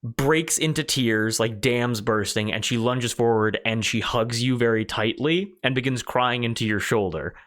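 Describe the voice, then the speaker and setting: A man's voice: mid-range voice, normal speed, few pauses, fairly bright tone. A man narrating as game master of a tabletop game, rambling with fillers. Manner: rambling, many fillers and restarts.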